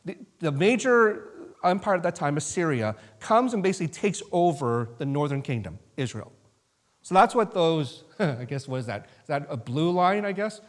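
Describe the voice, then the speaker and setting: A pastor with a fairly high, lively voice leads a Bible study in a church sanctuary at a normal speed. His informal sermon moves through the passage casually, with restarts and side remarks along the way.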